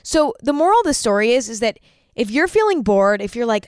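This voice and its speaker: A young woman hosts her own advice podcast in a chatty, filler-heavy way, earnest but quick to poke fun at herself. Her voice is smooth and even, and the sound is close and dry. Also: on the high side, no room sound. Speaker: podcast host. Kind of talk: casual advice podcast monologue.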